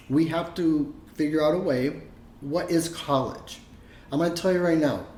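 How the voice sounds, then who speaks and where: A man co-hosting a podcast in casual chat, telling rambling, profane, animated stories. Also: mid-range voice. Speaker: podcast co-host. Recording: roomy echo.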